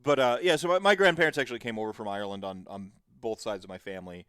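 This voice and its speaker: A man's voice: medium pitch, fast, a bit bright, clear, resonant tone, dry recording, studio quality. A man hosting a podcast in casual chat, rambling and digressive as he tells stories. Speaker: podcast host.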